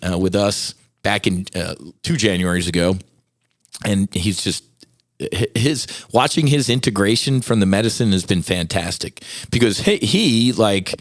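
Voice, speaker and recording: A middle-aged man hosts a podcast in a low, grounded voice. He talks candidly and builds into emphatic, passionate rants. The recording is dry and close, with no room sound. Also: no room sound. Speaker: podcast host. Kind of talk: casual solo podcast talk.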